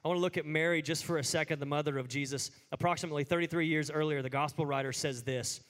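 A man preaching a sermon in a conversational way, full of "like" fillers, who climbs high and emphatic at the peaks. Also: fairly even intonation, fast, a bit bright. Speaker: pastor.

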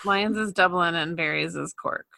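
A woman co-hosting a podcast, chatting casually in a relaxed way and laughing easily. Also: lowish voice, moderate pace, gravelly. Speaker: podcast co-host. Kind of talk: casual chat.

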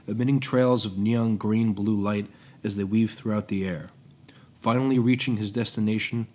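Man, podcast host, scripted story narration, steady and measured, lowish voice.

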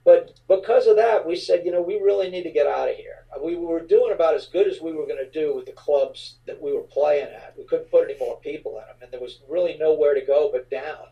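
A middle-aged man from the New Orleans area, a rock frontman telling stories in an interview, relaxed and rambling with many fillers. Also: on the high side, brisk, hardly any pauses, distant mic, lo-fi sound. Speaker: rock band frontman, guest. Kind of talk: casual interview storytelling.

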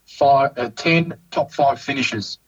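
A man with an Australian accent co-hosting a casual golf podcast, ranting in an animated, exasperated way. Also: mid-range voice, slow, husky, highs cut off. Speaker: podcast co-host.

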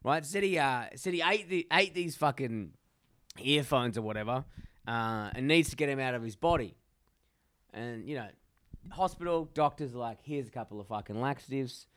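A man's voice: mid-range voice, normal speed, a bit bright, dry recording. A young man co-hosting a podcast, telling rambling crude stories and swearing constantly. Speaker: podcast co-host. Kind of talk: casual chat.

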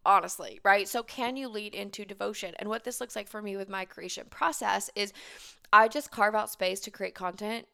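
A woman's voice: mid-range voice, moderate pace, gravelly, sharp tone. A woman in her thirties hosting a casual solo podcast as a business coach, chatty and emphatic, swearing and laughing freely, heavily pregnant and short on sleep.

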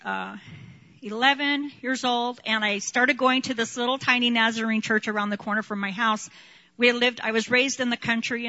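A woman preaches and tells her testimony with a bright, forceful, slightly high voice. She is animated, laughs often and acts out what people said. The recording sounds dull and lo-fi. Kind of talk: sermon with personal testimony.

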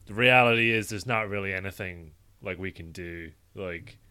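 A man telling stories in casual chat, laid-back and swearing freely, getting animated when he quotes himself. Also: low voice, normal speed, clear, resonant tone.

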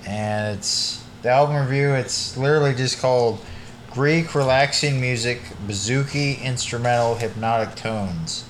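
A man's voice: medium pitch, unhurried, a little hiss or hum. A man co-hosting a podcast who chats casually. He rambles in a laid-back, joking way, full of "like" and "literally". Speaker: podcast co-host. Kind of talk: casual chat.

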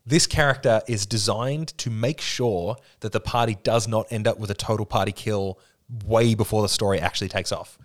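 A man's voice: on the low side, fairly even intonation, moderate pace. A man in casual podcast chat who talks with enthusiasm, explains things at length and swears freely.

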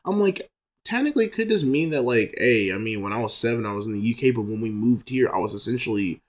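A man's voice: mid-range voice, lively intonation, quick pace. A man in casual podcast chat, laid-back and swearing often. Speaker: podcast guest.

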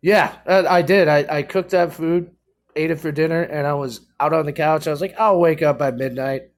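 A man's voice: a little high, moderate pace. A man co-hosting a casual podcast, laid-back and self-mocking. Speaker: co-host. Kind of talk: casual chat.

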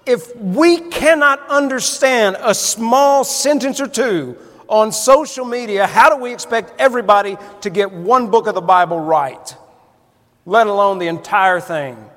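A male preacher, his voice pitched high for a man. He delivers a folksy, storytelling sermon that builds to fervent emphasis, and the words ring out with a long reverb from a large church hall. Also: unhurried, fairly bright tone.

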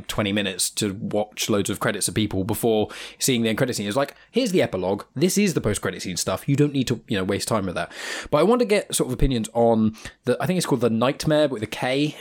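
Un uomo con britannico che conduce un podcast di cinema, chiacchierando in modo disordinato e autoironico, ridendo spesso. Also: male voice, mid-range voice. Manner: rambling, self-deprecating, laughs often. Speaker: podcast host. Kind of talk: casual film podcast chat.

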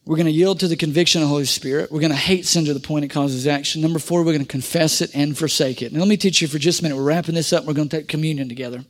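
A middle-aged male pastor preaching a sermon, calling on the congregation for amens and swinging between loud pushes and quiet asides. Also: a little high, steady tone, very fast, hardly any pauses.

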